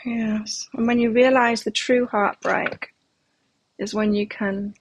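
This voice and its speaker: A woman's voice: a little high, level tone, slow. A middle-aged woman giving a live tarot reading, talking candidly and reflectively and sharing personal stories. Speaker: tarot reader.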